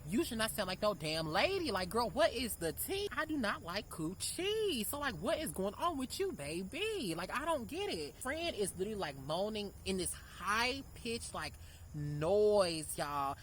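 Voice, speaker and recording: A woman's voice: mid-range voice, a bit bright, a little hiss or hum, low-quality recording. A young woman tells a casual storytime in a sassy, brash way, calling her listeners girl and honey. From Memphis, Tennessee. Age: 20s. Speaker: vlogger.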